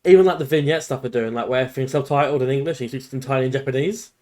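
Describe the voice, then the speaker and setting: A man's voice: medium pitch, rapid-fire, mellow. A man co-hosting a podcast, chatting loosely and enthusiastically and saying "like" constantly. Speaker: podcast co-host. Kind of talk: casual chat.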